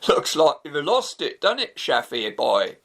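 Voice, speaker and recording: A man plays a taunting, sneering man. The voice is gravelly and unhurried, dripping with mockery. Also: on the high side, huge pitch swings, fairly bright tone, heavily acted. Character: sneering mocking man, coworker.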